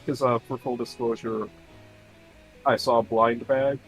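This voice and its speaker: A man chatting as a guest on a stream, calm and deadpan in his delivery. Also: mid-range voice, measured pace, soft background music, poor audio. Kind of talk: casual chat.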